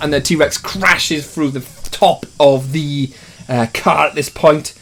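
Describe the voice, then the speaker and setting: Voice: mid-range voice, slow pace, very noisy. A YouTuber casually narrating a film script read-through in a chatty way.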